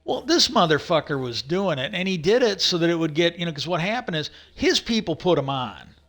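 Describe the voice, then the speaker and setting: A man's voice: a little high, very animated, fairly quick, fairly bright tone, faint music behind. A man telling a long work story in a casual, rambling monologue, swearing often and repeating "I go" as he retells what he said.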